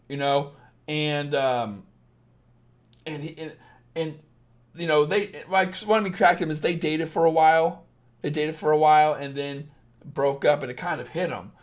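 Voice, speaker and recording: Profane, ranting man in his thirties. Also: fairly high pitch. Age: 30s. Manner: blunt and profane, swings into loud rants. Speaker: dating coach. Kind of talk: live-stream advice chat.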